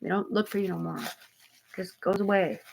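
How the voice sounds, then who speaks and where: A woman talks live to her stream in a loose, rambling monologue. Her delivery is agitated and full of swearing. Her thoughts tumble over each other in quick digressions. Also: mid-range voice, steady tone, vocal fry, noisy background. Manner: rambling, profane, rapid digressions; agitated, repeatedly says "dude". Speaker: livestreamer.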